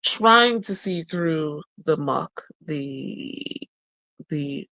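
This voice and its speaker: A woman casually walking through a card deck, reading each card's message aloud and then musing about the picture, with frequent pauses and hesitations. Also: low voice, animated, creaky, bright, forceful tone, no echo, dull audio. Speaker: tarot and oracle deck reviewer. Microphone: close mic.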